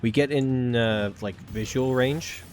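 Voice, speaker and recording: A man's voice: medium pitch, slow pace. A man casually recounting a tabletop game session, rambling and filling with "kinda" and "like". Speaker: gaming channel host.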